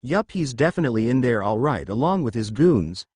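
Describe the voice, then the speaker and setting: A man voicing a gentle, modest young male superhero who speaks softly, in a fan story reading. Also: medium pitch, sing-song, a little fast, husky, no echo, studio quality. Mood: cautious.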